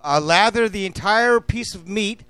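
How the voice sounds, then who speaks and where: Excitable, crude male cooking-show host with a high, dry, close voice. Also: a little slow, smooth, dry recording, soft background music. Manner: rambling, crude and excitable, with sudden loud bursts. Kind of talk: casual cooking talk. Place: outdoors at a barbecue.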